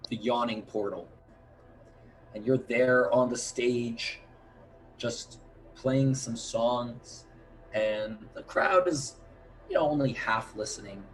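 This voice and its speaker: A man narrating a tabletop game as game master in an unhurried, halting way, with many fillers. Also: mid-range voice, faint music behind, low-quality recording.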